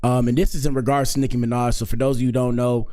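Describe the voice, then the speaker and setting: A man's voice: mid-range voice, little pitch movement, very fast, dark tone. A man hosting a casual live-stream commentary show, talking loosely and slangily and peppering his lines with "bro" and "dog". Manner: laid-back, slangy, keeps saying "bro" and "dog".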